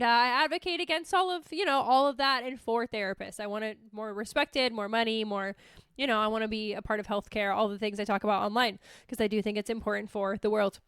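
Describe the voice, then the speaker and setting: Woman host, young adult, casual solo chat, slightly high, smooth tone, animated and profane. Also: no room sound, studio quality. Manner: animated, swears freely, acts out her own reactions. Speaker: podcast host.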